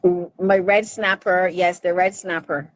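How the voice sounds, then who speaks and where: A woman's voice: lowish voice, fairly even intonation, a little slow. A woman at home making a phone call and placing an order, with polite, brief replies. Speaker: host's wife, on the phone. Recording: distant and muffled, off-mic.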